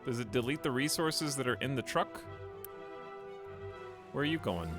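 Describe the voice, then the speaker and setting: A man's voice: medium pitch, expressive, normal speed. Guy streaming a game, rambly chat with his viewers, voice bouncing up and down a lot, bit of music in the back. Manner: rambling, talks to chat while playing.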